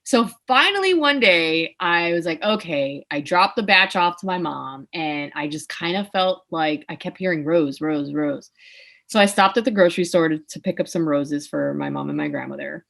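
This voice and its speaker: A woman guest on a podcast, casually telling her story with animated, emotional delivery. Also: low voice, moderate pace, gravelly.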